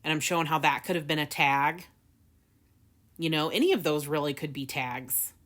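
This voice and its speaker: A woman's voice: low-pitched, normal speed, fairly bright tone. A woman hosting a casual paper craft tutorial, chatty, with frequent laughs and fillers. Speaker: craft video host.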